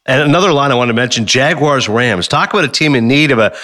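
Guy co-hosting a sports and movie chat, talks fast, bright punchy voice, kinda high. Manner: animated, quick, lots of asides. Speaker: co-host. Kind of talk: casual sports and pop culture chat.

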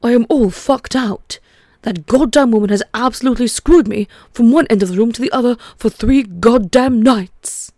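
A woman's voice: on the high side, moderate pace, a little mellow, dry recording, clean studio sound, natural voice. A woman putting on a posh English man's voice to play a worn-out young airman complaining crudely. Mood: exasperated.

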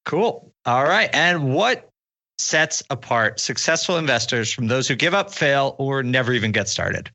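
An upbeat male co-host chimes in with short, quick remarks. His pitch moves a lot, and his voice is bright and forward. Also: lively intonation, highs cut off. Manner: upbeat, brief interjections. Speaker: podcast co-host. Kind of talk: casual interview chat.

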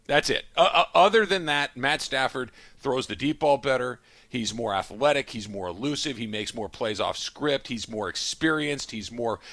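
Animated man on sports radio. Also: medium pitch, no room sound. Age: adult with kids. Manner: animated, acts out a yelling parent.

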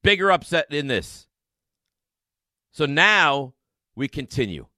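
A man hosting a sports radio show, talking in an emphatic, excitable monologue full of rhetorical questions and repeated lines. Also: fairly high pitch, slow, dry recording, studio quality.

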